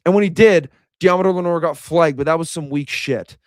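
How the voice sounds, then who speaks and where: A man's voice: a little high, brisk, dry recording, studio quality. A young man giving a casual, frustrated reaction rant as a sports commentator, repeating himself as he vents.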